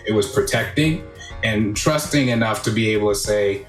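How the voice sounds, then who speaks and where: A man's voice: lowish voice, normal speed, roomy sound, faint music behind. A man hosting a casual conversation, chatty and thinking aloud with many restarts. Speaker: podcast host.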